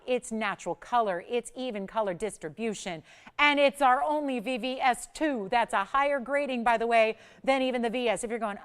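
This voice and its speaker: A woman's voice: mid-range voice, smooth. A woman in her forties hosting a live jewelry auction on a shopping channel, talking in chatty, emphatic sales patter.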